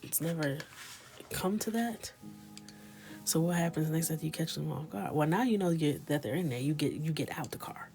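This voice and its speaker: A woman in her thirties chatting in a mostly whispered, joking way while coloring, with sudden loud shouts. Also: low-pitched, animated, normal speed, gravelly, soft background music. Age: 30s. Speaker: coloring livestreamer. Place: small closet with a ring light.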